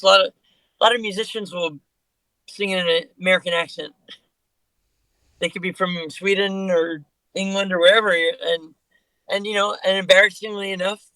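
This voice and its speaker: A man with a high, bright voice chats as a guest musician on a podcast. He rambles loosely, restarting his sentences often. The recording is dry and close. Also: no room sound, low-quality recording. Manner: rambling, with many fillers and restarts. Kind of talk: casual podcast conversation.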